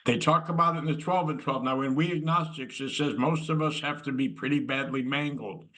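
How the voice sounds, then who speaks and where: A man co-leads a recovery meeting over a video call. He speaks in a wry, conversational tone at an average pitch, easing from joking asides into his story. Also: steady tone, fairly quick, sharp tone, rough recording. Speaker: meeting co-leader.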